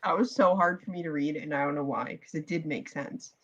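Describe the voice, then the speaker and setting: Casting: young woman, bright and sharp, animated teasing co-host, lowish pitch. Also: fairly quick, dull audio, a little hiss or hum. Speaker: podcast co-host. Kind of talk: casual hockey chat, livestream.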